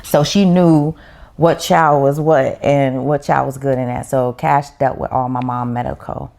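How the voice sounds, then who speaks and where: A woman's voice: a bass voice, fairly even intonation, measured pace, vocal fry, a little mellow. A woman, a podcast guest, telling her story in casual chat in a heartfelt, reflective way.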